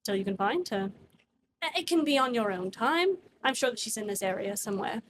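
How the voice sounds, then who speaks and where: A woman's voice: fairly high pitch, animated, a little fast, slight background noise. A woman voicing a tipsy young nobleman in a tabletop game, a callous womanizer who talks in an offhand, drawling, dismissive way.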